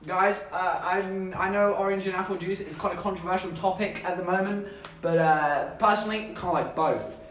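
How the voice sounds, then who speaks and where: A young man tells a rambling, self-mocking story to his live chat and keeps making jokes along the way. His voice sits a little high. It sounds roomy and is picked up from some way off the mic. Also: steady tone, normal speed, a bit bright, distant mic, a little hiss or hum. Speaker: streamer.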